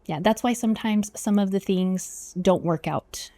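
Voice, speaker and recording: A woman hypnotherapist explaining her work in a casual interview, chatty and quick to affirm with "yes". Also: medium pitch, mellow, no echo. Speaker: clinical hypnotherapist.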